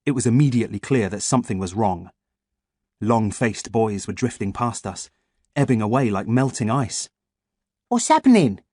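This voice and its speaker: A man reading an audiobook as first-person scripted narration, in a lively, expressive way. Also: on the low side, moderate pace, slightly rough, no echo, studio quality.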